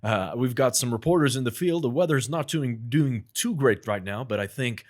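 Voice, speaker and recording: A man's voice: mid-range voice, lively intonation, moderate pace, close to an everyday voice. A man putting on a cheesy male TV news anchor with breezy broadcaster patter. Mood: mock-serious.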